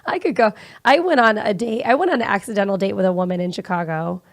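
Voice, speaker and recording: A woman hosting a podcast, chatting casually and playfully, quick to laugh along. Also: mid-range voice. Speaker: podcast host. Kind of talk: casual chat.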